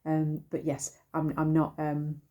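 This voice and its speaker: A middle-aged woman teaches singing in a casual, rambling way, full of ums and little restarts. Her voice sits a touch low and sounds soft and mellow rather than bright. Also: monotone, slow. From United Kingdom. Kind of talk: casual singing lesson to camera.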